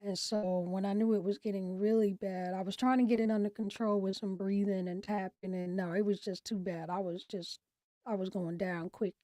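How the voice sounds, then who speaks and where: Mellow-voiced woman sharing candidly. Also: mid-range voice, steady tone, moderate pace, no echo. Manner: candid, reflective, with soft trailing asides. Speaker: mental health talk host. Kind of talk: personal storytelling to camera. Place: home.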